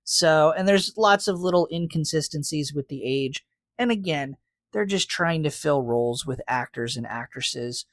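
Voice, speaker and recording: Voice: mid-range voice, normal speed, dry recording. Analytical podcast co-host, dry sound. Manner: analytical, lays out theories with hedging. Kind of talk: casual recap chat.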